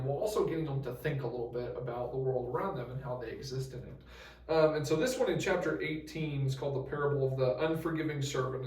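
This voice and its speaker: A man's voice: mid-range voice, darkish tone, reverberant, distant mic, low-quality recording. A young man leading a youth group Bible study in a loose, casual talk with many fillers and restarts.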